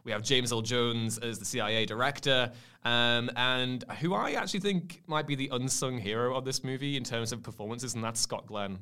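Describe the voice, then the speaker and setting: An enthusiastic man hosting a casual film podcast, rambling through his thoughts with frequent restarts and fillers. His voice is smooth and clear at an average pitch. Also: moderate pace, few pauses, bright, forceful tone. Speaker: podcast host.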